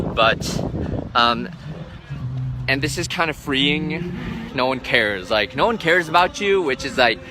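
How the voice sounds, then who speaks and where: A man vlogging live outdoors among boats, answering viewer questions in a rambling, casual way full of filler words. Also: medium pitch. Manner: rambling, filler-heavy, lots of "um" and "like". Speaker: travel vlogger. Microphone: phone held for a live stream. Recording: noisy outdoor background.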